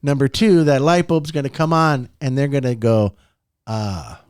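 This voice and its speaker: A man's voice: moderate pace, clean tone, no room sound, clean studio sound. A man hosting a motivational podcast, talking with animation and telling stories with frequent laughter. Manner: animated, swoops pitch up and down for emphasis; storytelling, laughs often. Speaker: podcast host.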